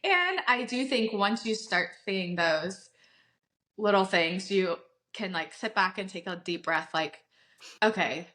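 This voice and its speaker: Bright-voiced agreeable woman co-host. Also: mid-range voice, expressive, measured pace. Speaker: podcast co-host. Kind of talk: casual chat.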